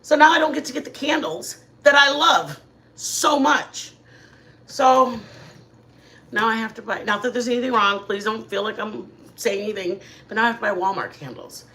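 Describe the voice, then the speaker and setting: A middle-aged woman hosting a casual livestream from her living room, telling rambling, animated stories to her chat. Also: on the high side, moderate pace. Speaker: channel host.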